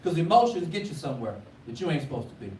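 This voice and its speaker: A man preaching a sermon with call-and-response, rising from quiet talk to loud cries. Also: fairly high pitch, sing-song, fast. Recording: echoey room, from far off, faint noise.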